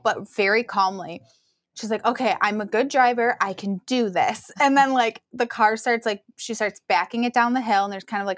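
A woman co-hosting a casual podcast chat, telling lively stories and acting out quoted voices. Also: medium pitch. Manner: animated storyteller, acts out quoted voices. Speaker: podcast co-host.

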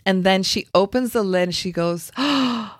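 A woman's voice: mid-range voice, moderate pace, no echo, studio quality. A middle-aged woman, a Reiki practitioner, telling a story in casual chat and acting out the voices of the people in it.

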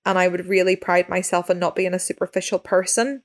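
A woman's voice: fairly low pitch, fairly even intonation, brisk. Earnest woman podcast host. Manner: earnest, reflective, emphatic. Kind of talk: casual chat.

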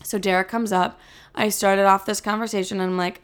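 A woman's voice: mid-range voice, flat delivery, a little fast, clean tone. A young adult woman telling a story to the camera in a casual rant, blunt and swearing a lot. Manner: blunt, heavy swearing, fired-up. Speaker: storyteller vlogger.

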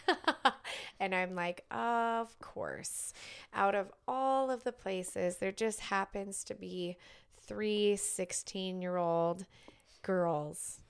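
A middle-aged woman co-hosting a podcast, telling a story in casual chat, lively and acting out the people she quotes. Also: medium pitch, extremely slow, vocal fry, clear, resonant tone. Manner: animated storyteller, acts out quotes, swears casually. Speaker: podcast co-host.

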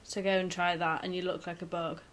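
A woman's voice: fairly low pitch, level tone, a little hiss or hum. A young woman, chatting and telling stories to her best friend on a casual podcast, often giggling. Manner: rambling, giggly, quick storytelling with acted quotes. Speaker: podcast co-host.

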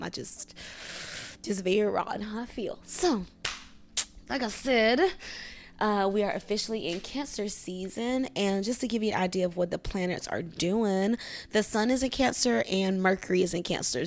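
A woman hosting her own podcast in a loose, casual chat, her voice gravelly with vocal fry. She talks straight to her listeners in slang, raw and frustrated, close to tears and sighing often. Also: medium pitch. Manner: emotional, frustrated and near tears, sighing and cursing; slang-heavy, addresses listeners as "you guys" and "y'all". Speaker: podcast host.

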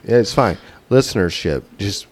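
A man co-hosting a casual podcast, teasing the others and getting excitable and profane about beer scores. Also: on the low side, normal speed. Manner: joking, teasing, excitable, swears. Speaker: podcast co-host. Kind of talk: casual chat, beer review.

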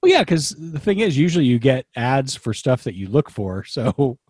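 Male podcast co-host, 40s, animated and wisecracking, dry sound. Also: medium pitch, normal speed, husky, no echo. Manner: joking, swears casually. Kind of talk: casual chat.

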